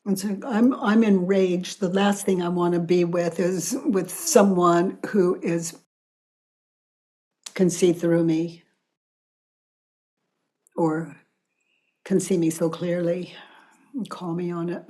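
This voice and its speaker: An older woman facilitating a self-inquiry session, calm and deliberate, often dropping to a whisper. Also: fairly low pitch. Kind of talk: slow guided inquiry dialogue.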